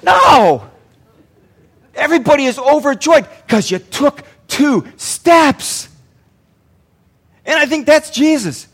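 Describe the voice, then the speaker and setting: A man's voice: very high-pitched, animated, measured pace. An older man, a pastor, preaching a sermon earnestly and repeating lines for emphasis.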